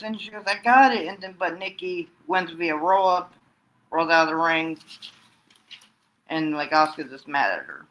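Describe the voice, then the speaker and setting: A man's voice: on the high side, bright, forceful tone, rough recording. A man giving a casual solo recap, rambling along with frequent restarts and fillers. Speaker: wrestling fan recapping storylines.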